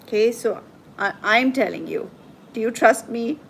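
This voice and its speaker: A woman hosting a live tarot and coaching stream, talking gently and reassuringly to her viewers as she reads their comments. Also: fairly high pitch, lively intonation, gravelly, slight background noise, low-quality recording. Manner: soothing, reassuring, slow and gentle.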